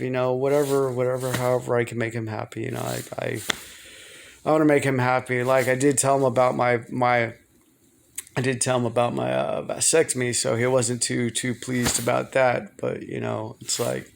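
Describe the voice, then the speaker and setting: A man's voice: medium pitch, level tone, moderate pace, vocal fry. A man talking casually to camera in a personal vlog, rambling and hesitant, often repeating words. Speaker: vlogger.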